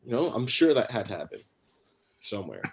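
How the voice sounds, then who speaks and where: A man's voice: mid-range voice, huge pitch swings, a little fast, vocal fry, slight background noise. A man doing a rambling, crude stand-up set on a livestream, full of fillers and restarts. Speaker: stand-up comedian.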